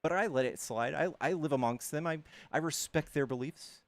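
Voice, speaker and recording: A man debating a caller on his stream, arguing fast, cutting in and trailing off mid-sentence. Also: a little high, dry recording. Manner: argumentative, quick to interrupt, trails off mid-sentence. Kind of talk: casual debate.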